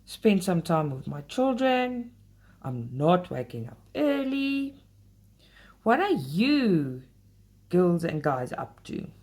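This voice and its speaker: A woman's voice: lowish voice, very animated, slow pace, darkish tone. A woman hosting a casual craft vlog, talking straight to her viewers and getting heated when she complains. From South Africa. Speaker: cross-stitch channel host.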